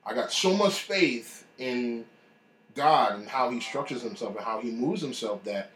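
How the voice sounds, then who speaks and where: A man's voice: medium pitch, measured pace, a little hiss or hum. Man telling a story in an echoey room. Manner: animated, acts out quoted voices. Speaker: guest telling a faith story. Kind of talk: casual storytelling chat.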